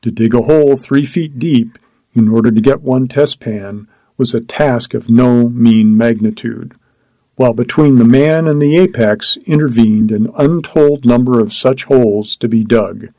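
A man narrating a story as an audiobook, in a measured, steady reading. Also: medium pitch, no room sound, low-quality recording.

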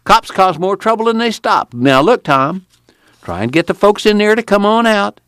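A man voicing an earnest, excitable former preacher with a rural drawl. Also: on the high side, moderate pace, dry recording, studio quality, voice pushed up. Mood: excited. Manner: rural Dust Bowl drawl, impassioned.

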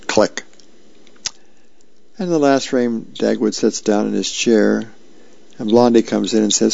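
A man on the radio reading comic strips aloud, calmly describing each frame. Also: lowish voice, measured pace, creaky, no echo. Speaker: radio reader. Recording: dry, slightly dull lo-fi sound.

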